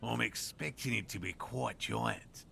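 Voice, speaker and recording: An actor playing a dry, sarcastic, learned middle-aged cryptozoologist in a video game. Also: male voice, mid-range voice, a little slow, creaky, bright, forceful tone, a little hiss or hum, heavily acted. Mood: wry. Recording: game audio with music behind.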